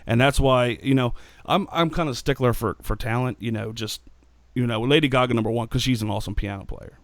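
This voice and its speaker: A man's voice: mid-range voice, fairly quick, no echo. A man hosting a casual live stream, talking in a loose, rambling way. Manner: rambling, many fillers and restarts. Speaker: stream host.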